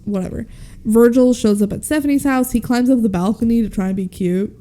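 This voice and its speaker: A woman co-hosting a podcast, casually recapping a movie and quoting its characters in lively voices. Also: fairly high pitch, brisk. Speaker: podcast co-host. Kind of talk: casual film recap chat.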